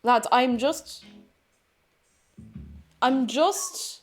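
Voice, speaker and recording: Young woman streamer, high bright voice, giddy sing-song chat over loud background music. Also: very slow. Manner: excitable, gushing, sing-song greetings. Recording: music playing behind.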